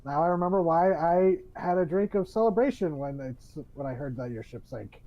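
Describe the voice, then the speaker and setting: A man putting on a flamboyant half-elf bard with a grand, ribbing manner. He sounds a bit higher than usual and projects the lines like a stage performer. The recording is dull and lo-fi. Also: expressive, moderate pace. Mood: teasing.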